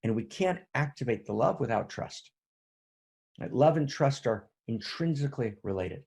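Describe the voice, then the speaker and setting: A man's voice: mid-range voice, expressive, normal speed, creaky, a little mellow, husky. A tired man giving an earnest, livestreamed spiritual talk, often checking in with his listeners. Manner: earnest, repetitive, often asks "right?". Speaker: spiritual teacher.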